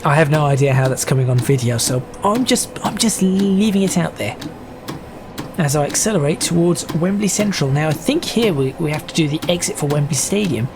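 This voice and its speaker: A man's voice: fairly high pitch, animated, a little fast. A man giving casual, stop-start gameplay commentary as a video host. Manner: chatty, stop-start, self-correcting. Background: train sim game noise.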